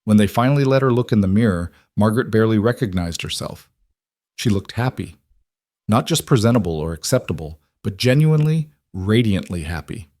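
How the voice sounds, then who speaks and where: A man narrating a scripted western romance story in a measured, gentle way. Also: lowish voice, animated, no echo, studio quality.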